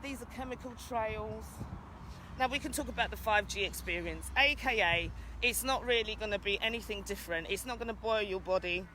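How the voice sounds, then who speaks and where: Medium-pitched and sharp-toned, a British vlogger talks briskly in an outdoor rant full of urgency, appealing to people going by. Slight background noise is present.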